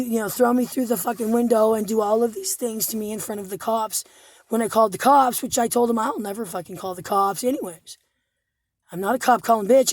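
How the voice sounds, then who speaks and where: Hoarse, profane woman recounting to camera. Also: a little high, a little mellow, dry recording. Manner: agitated, profane, repetitive restarts. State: hoarse, injured throat.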